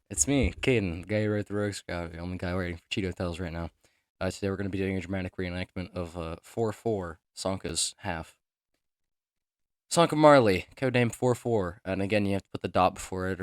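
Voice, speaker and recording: A young man reading his own character profiles aloud, rushing through them with joking asides and stumbles. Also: low-pitched, fairly even intonation, no room sound, clean studio sound. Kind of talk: casual reading of written notes.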